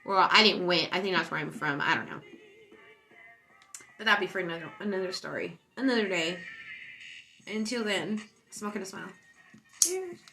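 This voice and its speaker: A woman's voice: fairly low pitch, moderate pace, vocal fry, long pauses, bright, forceful tone, faint music behind. A stoned woman hosting a casual livestream, rambling, boastful and giggly. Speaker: livestream host.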